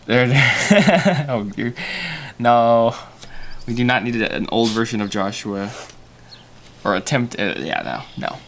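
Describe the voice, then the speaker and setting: A man's voice: mid-range voice, animated, slow pace, a bit bright, slight background noise. A young man hosting a casual livestream while storyboarding, thinking aloud with self-mocking asides and many fillers. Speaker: animator and livestream host.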